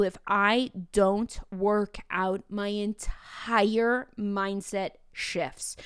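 A woman's voice: medium pitch, clear, resonant tone, no room sound. A young woman hosting an unedited solo podcast, talking candidly and encouragingly, emotional at times, close to the mic. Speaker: podcast host.

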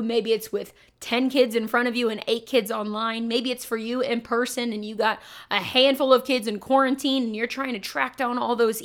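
Upbeat chatty teacher woman, fairly high. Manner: upbeat and chatty, full of "like" and emphatic repeats. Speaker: teacher and podcast host. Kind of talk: casual motivational talk to teachers.

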